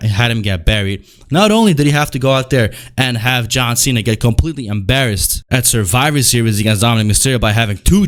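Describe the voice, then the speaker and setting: A young man hosting his own wrestling commentary, ranting casually with exasperation and lots of slang. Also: medium pitch. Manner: exasperated, slangy, repeats "bro".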